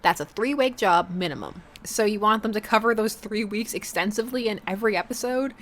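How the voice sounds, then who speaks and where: Speaking briskly in a mid-range, slightly bright voice, a woman plays a burly, easygoing dad who works as a competitive contractor. She puts on a fake Southern accent with a teasing, folksy drawl and a laid-back mood.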